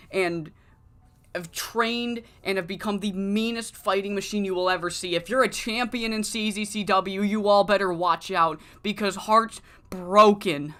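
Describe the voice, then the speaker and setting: A man's voice: high voice, pushed and bright, smooth. A woman voicing a self-pitying, melodramatic male wrestler who calls himself broken. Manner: melodramatic, slow and heavy.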